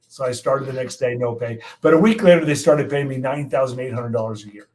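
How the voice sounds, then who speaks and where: A man in his sixties from the United States, a guest meteorologist telling animated stories in an interview and acting out the quotes. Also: medium pitch, quick pace, rough recording. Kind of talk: storytelling in an interview.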